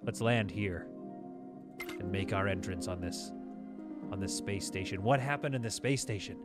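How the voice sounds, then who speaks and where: A man giving chatty, excitable let's-play commentary while playing a space game, laughing often, with game music behind. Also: deep voice, moderate pace. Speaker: gaming YouTuber.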